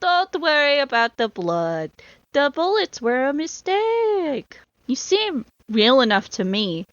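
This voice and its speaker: A woman putting on a slow, sly European henchman. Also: high-pitched, very animated, a bit bright, no echo, pitched above the performer's own voice, exaggerated voice. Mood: smooth. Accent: playful European put-on. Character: smooth-talking male henchman, calm and menacing. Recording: dull lo-fi sound.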